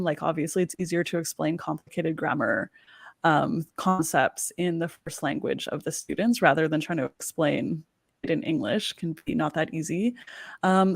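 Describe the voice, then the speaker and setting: Relaxed woman with a dry, gravelly voice. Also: on the low side, no room sound. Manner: relaxed, many "like" and "um" fillers. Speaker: ESL teacher and host. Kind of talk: casual livestream chat.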